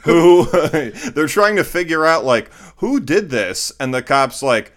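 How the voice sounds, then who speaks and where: A man's voice: on the high side, animated, slow, hardly any pauses, fairly bright tone. A man co-hosting a casual movie review chat in a dry, wry manner. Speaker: podcast co-host.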